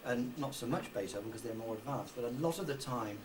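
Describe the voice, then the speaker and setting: A man's voice: medium pitch, expressive, quick pace, background noise. A man teaching a violin student from the piano, patiently explaining phrasing and checking that he is understood. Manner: sings rhythms to demonstrate, patient, asks if understood. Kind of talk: music lesson coaching. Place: rehearsal room with piano. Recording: distant mic with piano in the room.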